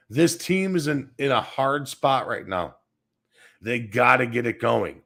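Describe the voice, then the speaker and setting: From the Chicago area, a sports show host rants bluntly and crudely, cursing plenty and smoking as he talks in his home studio. His mid-range voice is animated, pushed and bright, with vocal fry, at a moderate pace.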